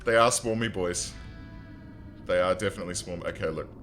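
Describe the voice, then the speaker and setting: A man's voice: low voice, brisk, a bit bright, faint music behind. A man streaming a strategy game, chatting casually and joking as he talks to his viewers and to his in-game characters. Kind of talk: casual let's-play commentary.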